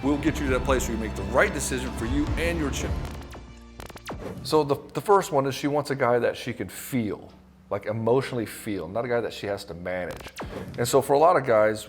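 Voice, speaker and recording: A middle-aged man coaching married men straight to camera, blunt and casual, swearing freely and acting out the voices of the people he quotes. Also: fairly low pitch. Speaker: relationship coach. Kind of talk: direct-to-camera coaching talk.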